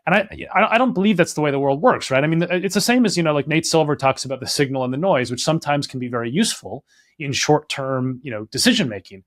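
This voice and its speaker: A man speaks as an author guest in an interview, with a slightly raised pitch. He works through his ideas out loud, with many "like"s and tag questions. The sound is dry and close. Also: expressive, fast, no room sound. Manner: thoughtful, heavy use of "like" and "right?". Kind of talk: podcast interview answer.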